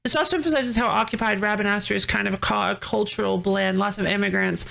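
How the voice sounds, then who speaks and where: A woman's voice: mid-range voice, fairly even intonation, fast talker, creaky, a bit bright. A woman streamer giving casual let's-play commentary, musing and thinking aloud with curiosity. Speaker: game streamer.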